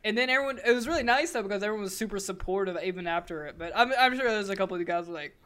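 A man's voice: high-pitched, racing, sharp tone. A man co-hosting a casual podcast chat, telling stories animatedly and laughing often. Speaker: podcast co-host.

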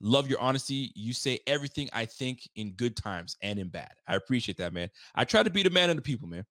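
A man's voice: medium pitch, expressive, fast, pushed and bright, dry recording, studio quality. A man hosting a fan show live after the game, reading viewer chats in a casual, heated, slangy way. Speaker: sports fan show host. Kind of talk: postgame livestream reaction, reading viewer chats.

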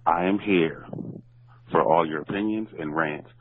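Deep-voiced male caller on muffled voicemail. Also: measured pace, husky, no room sound. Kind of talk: recorded voicemail message.

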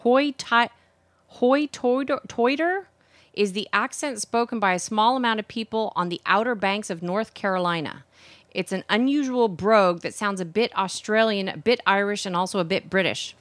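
A woman co-hosting talk radio, chatty and wry. She reads items from a list aloud and riffs on each one at a middle pitch. Her voice sits close and dry on the studio mic. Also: fairly quick, a bit bright, no room sound. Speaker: radio show co-host. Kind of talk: casual radio banter, reading from a list.

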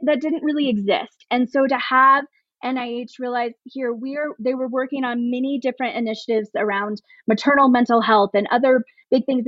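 A woman's voice: fairly high pitch, dry recording, muffled recording. A woman speaking as a podcast guest about her advocacy, earnest and emotional, talking in long runs with many restarts. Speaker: podcast guest, plus-size pregnancy advocate. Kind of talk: conversational interview.

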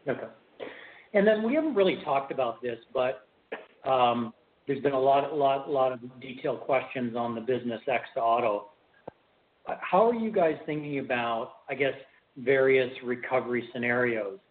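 A man's voice: medium pitch, lively intonation, normal speed. A man as an analyst on an earnings call, asking long rambling questions. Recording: tinny phone line.

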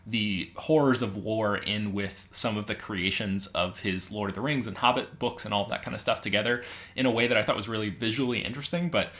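A man chatting on a podcast in a thoughtful, measured way, on dull lo-fi audio. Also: fairly low pitch, a bit bright. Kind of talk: casual chat.

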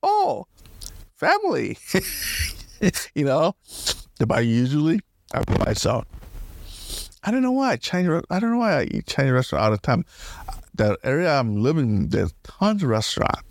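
In a mid-range voice, a man rambles through his solo podcast, wandering from thought to thought with frequent laughs and many restarts. The recording is dry.

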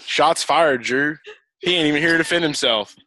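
A man hosting a podcast in casual chat, joking and teasing with quick bursts of laughter. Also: a little high, bright, forceful tone. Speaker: podcast host.

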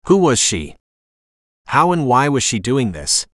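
A man reading a first-person audiobook narration in a wry, expressive manner. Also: medium pitch, a little slow, dry recording, clean studio sound.

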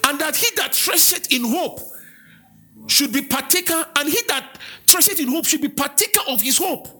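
A man's voice: very high voice, normal speed, sharp tone, soft background music. A Nigerian man preaching in a church, swinging between conversational asides and chanted King James scripture. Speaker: pastor. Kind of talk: sermon.

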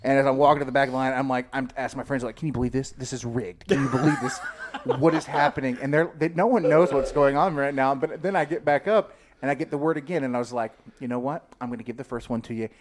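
A man's voice: medium pitch, fast, hardly any pauses, a little hiss or hum. A man hosting a podcast, telling stories in casual chat and acting out his own past lines. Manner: animated, mimics himself in anecdotes. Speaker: podcast host.

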